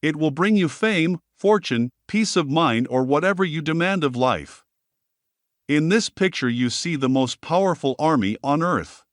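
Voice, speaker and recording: A man narrating a self-help audiobook in a steady, measured reading voice. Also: a little high, no room sound, clean studio sound.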